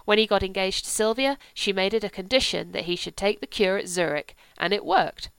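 A woman's voice: medium pitch, a little fast, vocal fry, clean tone, no echo, close to an everyday voice. A woman voicing a cheerful, hectoring, self-assured man.

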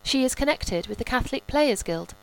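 A woman reading the part of a solemn, placid, pompous gentleman with a grave, measured delivery. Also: high voice, animated, pitched above the performer's own voice, low-quality recording.

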